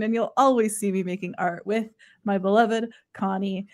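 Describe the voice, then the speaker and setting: A woman's voice: mid-range voice, normal speed. A woman who produces and performs in a tabletop show, speaking earnestly and pleading with viewers to support it in a casual panel interview. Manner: earnest, pleading, warm thanks.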